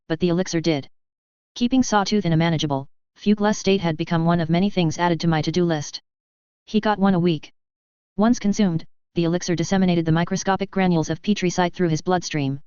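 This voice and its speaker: A woman narrating a first-person story in a steady, even reading voice. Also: fairly low pitch, smooth, no echo. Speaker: fan fiction reader. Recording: dry, slightly dull lo-fi recording.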